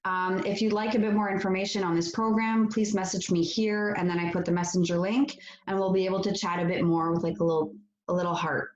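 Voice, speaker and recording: A woman's voice: fairly low pitch, flat delivery, a little fast. A French-speaking woman, a guest on a live-stream interview, who talks casually and upbeat with many fillers. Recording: roomy, dull lo-fi audio.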